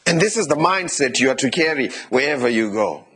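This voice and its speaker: A male pastor preaching a lively sermon, often turning to the congregation with asides and questions. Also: mid-range voice, fairly quick, husky.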